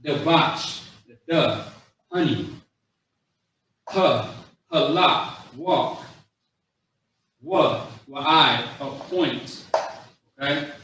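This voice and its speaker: A man teaching a language class, slowly drilling words one by one with casual asides. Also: on the high side, lively intonation, a bit bright, a little hiss or hum. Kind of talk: classroom lesson. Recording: very echoey room, voice from far off.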